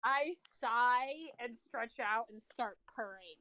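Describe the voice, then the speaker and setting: Casting: woman tabletop player voicing a cat hero, slow and playful, dry sound. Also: a little high, bright, forceful tone, no echo, rough recording. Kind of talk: playing a cat character in a tabletop game.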